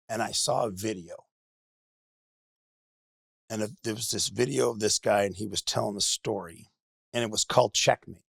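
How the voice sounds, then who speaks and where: A middle-aged man telling a candid personal story as a podcast guest, halting and restarting often. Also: on the low side, vocal fry, breathy edge, dry recording, clean studio sound. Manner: halting, many restarts and repeated words.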